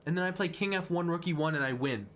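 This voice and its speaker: A man streaming chess, talking fast and self-mocking through move lines, dropping to quiet muttering when frustrated. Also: on the high side. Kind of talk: casual live-stream game commentary.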